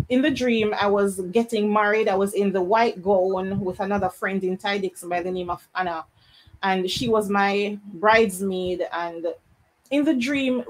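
Jamaican woman, panel guest, earnest testimony, mid pitch, acts out quoted voices. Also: rough recording. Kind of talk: personal testimony on a live panel.

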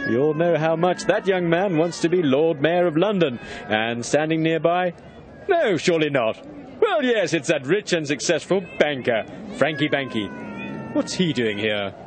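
A man playing an excited sports commentator who calls a contest in a school pantomime. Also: on the high side, normal speed. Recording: clear background noise.

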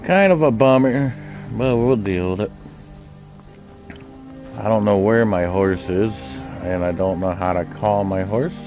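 A man's voice: on the low side, a little slow, long pauses, a little mellow. A man casually commenting on his own gameplay, chatty and laid-back, thinking aloud as he plays. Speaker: gaming channel host. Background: game music.

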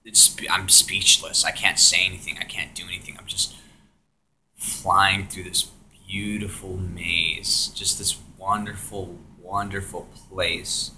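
A young man telling a story of his own experience to a camera, switching between hushed whispers and loud, swearing outbursts. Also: low voice, flat delivery, takes it slowly, creaky, slight background noise. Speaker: vlogger. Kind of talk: first-person storytelling.

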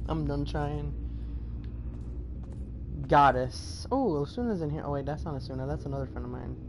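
A woman's voice: sits low, moderate pace, noisy background. A woman streaming a video game, chatting casually, laughing a lot and swearing freely. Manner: swearing, laughing, playful teasing. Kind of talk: casual gaming stream chat.

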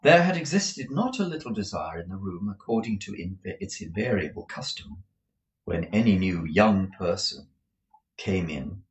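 A man's voice: deep voice, lively intonation, moderate pace, low-quality recording. A man reading a classic novel aloud as an audiobook, often stumbling and restarting words. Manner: frequent restarts and self-corrections. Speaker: audiobook reader.

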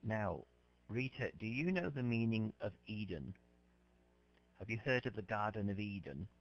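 A man teaching an English class, explaining words slowly and patiently to his students. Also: lowish voice, lively intonation. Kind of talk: classroom lecture. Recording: dull lo-fi lecture recording.

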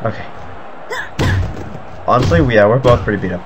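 Man, let's play commentary, excitable and panicky, slightly muffled sound, loud game music behind. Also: medium pitch, brisk. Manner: excitable, panicky outbursts and cursing. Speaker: gaming video creator. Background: video game music.

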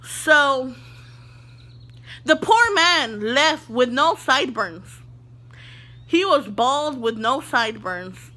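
A young adult woman vlogger telling an animated storytime. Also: high-pitched, takes it slowly, long pauses.

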